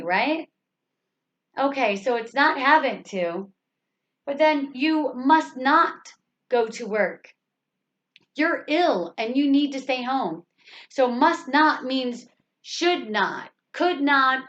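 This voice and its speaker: Patient woman English teacher, high voice, unhurried, repeats examples, asks the class questions. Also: expressive, a bit bright. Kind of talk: slow grammar lesson explanation. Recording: slightly dull lo-fi recording.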